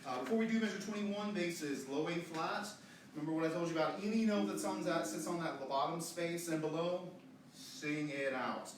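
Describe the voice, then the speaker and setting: A man directing a choir rehearsal, coaching the singers briskly and demonstrating phrases with his voice. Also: fairly high pitch, slight background noise. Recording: echoey room, distant mic, choir and piano.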